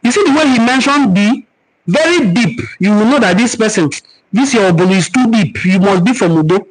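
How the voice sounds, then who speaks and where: A man's voice: high-pitched, animated, fairly quick, poor audio. A man with a Nigerian accent, hosting a cultural forum and answering viewer comments in an earnest, preaching way, repeating words for emphasis. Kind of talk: live-stream teaching and answering viewer comments.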